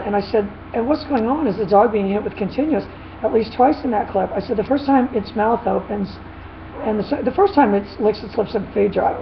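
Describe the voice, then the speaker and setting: A woman dog trainer chatting casually in a vlog, retelling a dispute in an animated, rambling way with frequent laughs. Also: on the high side. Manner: animated storytelling, laughs often. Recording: dull lo-fi with faint noise.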